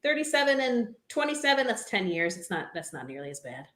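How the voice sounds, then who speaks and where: A woman co-hosting a casual gossip livestream, reacting in a lively, quick way. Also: mid-range voice. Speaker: co-host. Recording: echoey room.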